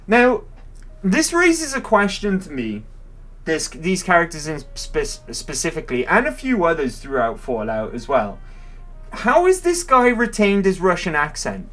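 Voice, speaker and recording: A man's voice: on the high side, wildly swooping pitch, unhurried, a bit bright, faint music behind. A man commentating his game live, musing aloud in a rambling, curious way. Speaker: game streamer. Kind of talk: livestream gameplay commentary.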